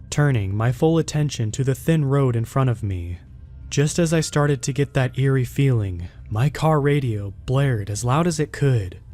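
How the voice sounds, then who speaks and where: A man reading a scripted first-person horror story in a steady, measured way. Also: mid-range voice.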